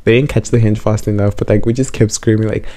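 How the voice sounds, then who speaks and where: A man's voice: lowish voice, fairly even intonation, fast talker, mellow. A young man in a casual storytime chat, a bit tipsy from wine, rambling and repeating himself as he tells the story. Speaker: vlogger.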